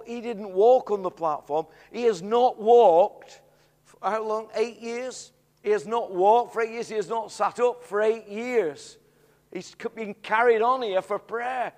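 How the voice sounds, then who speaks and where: A middle-aged man preaching a sermon, telling a story in an animated way that swells into excited shouts. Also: sits high. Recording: long hall reverb.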